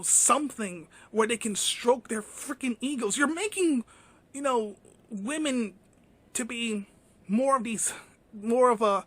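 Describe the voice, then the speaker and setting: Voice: mid-range voice, fairly bright tone. A vlogger giving an indignant, ranting commentary, full of fillers and swearing.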